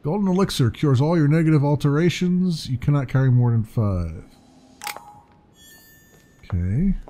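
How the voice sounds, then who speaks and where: A man's voice: fairly high pitch, animated, normal speed, mellow, soft background music. A man casually commenting while playing a video game, chatty and wondering aloud. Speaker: let's play commentator.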